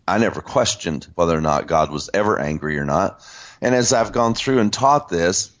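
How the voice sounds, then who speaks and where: A man teaching about scripture in an unscripted discussion, speaking haltingly with many fillers and restarts. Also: deep voice. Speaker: Christian teacher. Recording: dull lo-fi sound.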